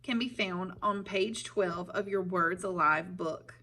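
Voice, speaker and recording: Stern schoolteacher, falsely sweet, bright voice, a woman reading it. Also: fairly low pitch, slow pace, full character voice. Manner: too sweet, with a hidden edge.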